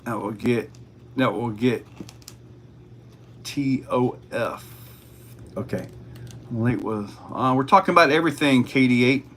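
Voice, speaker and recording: A man's voice: medium pitch, measured pace, pauses often, fairly bright tone, slight background noise. A man hosting a casual livestream, reading chat questions aloud and answering in a laid-back way.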